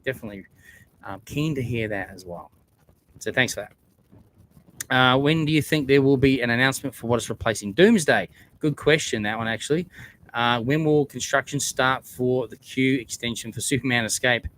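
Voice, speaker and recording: A man's voice: mid-range voice, normal speed, a bit bright, a little hiss or hum. A man hosting a casual livestream chat, talking earnestly in a rambling way with many fillers and restarts. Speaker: theme park YouTuber hosting a livestream.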